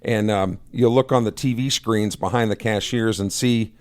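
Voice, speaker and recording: A man co-hosting a casual radio talk show in an easygoing way, chiming in with quick reactions. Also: fairly low pitch, steady tone. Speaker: radio co-host. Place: radio studio. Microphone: studio mic.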